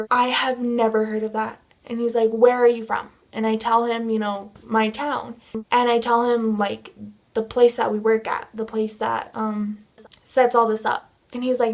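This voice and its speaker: Chatty young woman telling a story. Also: on the high side. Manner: animated retelling with many filler words. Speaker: vlogger. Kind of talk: casual storytime.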